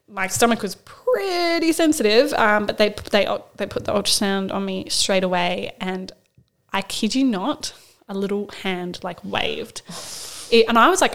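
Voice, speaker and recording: A woman's voice: mid-range voice, moderate pace. Candid woman, rambling storyteller. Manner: candid, rambling, many fillers and "like". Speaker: podcast co-host. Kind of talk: casual storytelling chat.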